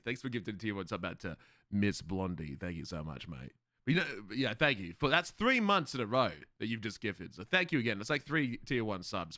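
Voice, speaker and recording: An Australian man chatting casually with his viewers on a live stream, loud and excitable, swearing freely. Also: lowish voice, no room sound, clean studio sound.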